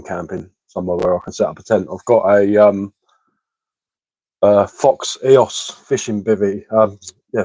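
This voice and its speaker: A man, a little hoarse from being ill, chatting casually on a livestream and answering comments with lots of hesitant fillers and repeated words. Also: fairly low pitch, a little mellow, no room sound, low-quality recording. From England. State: slightly hoarse from illness. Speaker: bushcraft livestreamer.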